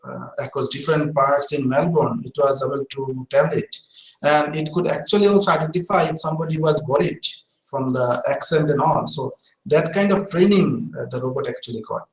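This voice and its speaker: A man's voice: fairly high pitch, brisk. A man tells a story at a lecture, using many fillers as he speaks. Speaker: participant in academic talk. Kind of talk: conversational comment at a lecture. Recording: echoey room on video call.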